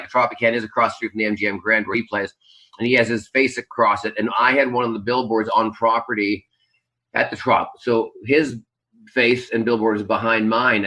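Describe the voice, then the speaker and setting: A man's voice: medium pitch, bright, forceful tone, poor audio. A man from Canada, a Las Vegas magician, reflecting in a rambling way with many fillers in a casual interview.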